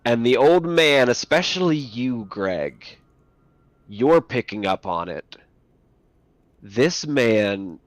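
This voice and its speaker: A man running a tabletop game as game master, narrating slowly and dramatically and dropping low and quiet for tension. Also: lively intonation, no echo.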